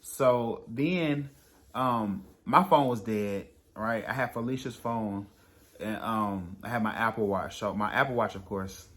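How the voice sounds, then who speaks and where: A man's voice: fairly low pitch, unhurried, fairly bright tone. A young man and new father casually recounting his daughter's birth, rambling and laughing at himself. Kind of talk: casual storytelling vlog.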